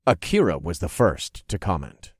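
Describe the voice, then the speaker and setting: Deep-voiced man narrating a story. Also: moderate pace, no echo, clean studio sound. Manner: expressive, groaning and cursing in character. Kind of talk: first-person audiobook narration.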